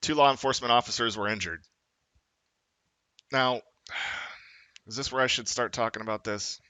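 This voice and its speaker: A man rants at the camera in a confrontational, profane vlog, his voice tense and forceful, and he often climbs into shouting. The sound is close and completely dry, with no room echo at all. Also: medium pitch, fairly even intonation, normal speed, smooth. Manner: angry, profane, rising to shouts. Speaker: vlogger. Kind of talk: confrontational political rant.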